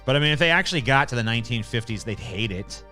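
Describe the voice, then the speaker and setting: A man's voice: mid-range voice, animated, quick pace, bright, forceful tone, faint music behind. A man hosting a casual livestream, reading chat questions aloud and answering in a blunt, sarcastic, profane way.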